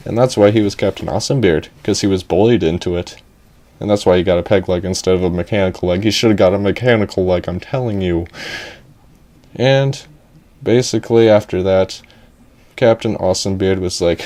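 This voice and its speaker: A man telling an improvised story in a rambling, excitable way, often chuckling. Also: on the low side, normal speed.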